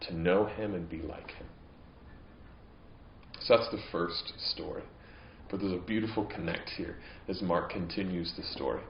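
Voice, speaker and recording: A man's voice: sits low, fairly even intonation, normal speed, vocal fry, pauses often, reverberant, highs cut off, slight background noise. A man preaching a sermon as pastor, earnest and growing impassioned at times. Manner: earnest preaching, voice rising into emphatic, impassioned stretches. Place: church.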